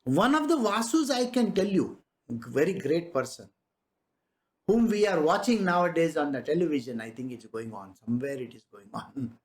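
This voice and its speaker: A man's voice: fairly high pitch, lively intonation, moderate pace, a little mellow. A man giving a conversational spiritual discourse as a teacher, often asking rhetorical questions and chuckling.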